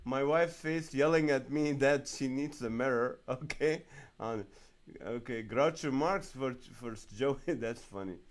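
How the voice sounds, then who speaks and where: A man's voice: medium pitch, measured pace. A male comedian hosting a casual live stream, reading viewer comments aloud and laughing often. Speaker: comedian host of a live show.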